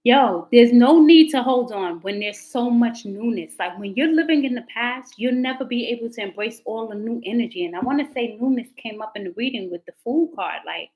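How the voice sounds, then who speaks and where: A woman tarot reader chats with her livestream viewers in a fairly high, darkish voice, animated and fairly quick with hardly any pauses. She's candid and slangy and answers chat comments as they come in. The audio quality is poor.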